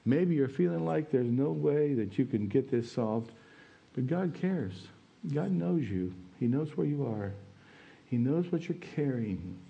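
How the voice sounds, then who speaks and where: Man preaching, earnest storyteller, mellow warm voice, mid pitch. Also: animated, measured pace, creaky, lo-fi sound. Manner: earnest storytelling, plain and personal. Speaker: pastor. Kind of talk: sermon.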